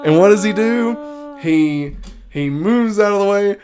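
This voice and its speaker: Animated, rambling male storyteller. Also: high-pitched, a little slow, a crowd in the background. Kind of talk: comedic episode recap.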